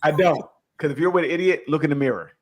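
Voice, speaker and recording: A man co-hosting a casual group talk about relationships, animated and laughing, often repeating himself. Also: a little high, quick pace, a crowd in the background. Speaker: podcast co-host.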